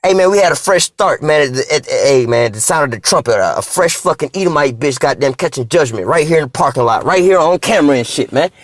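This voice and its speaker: A fairly high-pitched man with lively intonation rattles through a casual vlog rant at a fast clip, barely pausing as he reads articles aloud. He preaches, quotes scripture, curses repetitively, and closes almost every line with "man." The sound is clean studio audio without echo.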